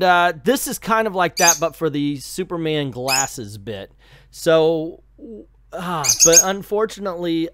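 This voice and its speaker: A man's voice: a little high, slight background noise. A middle-aged man giving a casual, blunt comic book review, full of strong opinions and mocking asides.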